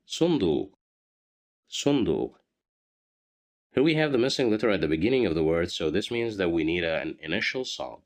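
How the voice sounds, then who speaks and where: A man teaching a beginner language lesson, patiently repeating each word for learners to copy. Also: deep voice.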